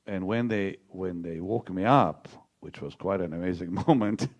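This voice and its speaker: Man, older, very low voice, personal testimony, halting, repeats words, quotes people dramatically. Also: a little mellow. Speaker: televangelist.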